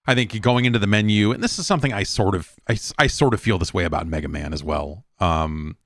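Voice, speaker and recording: A man's voice: on the low side, fast, fairly bright tone, dry recording, studio quality. A middle-aged man hosting a show, giving a casual, rambling spoken review of a video game with many restarts and asides. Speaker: show host.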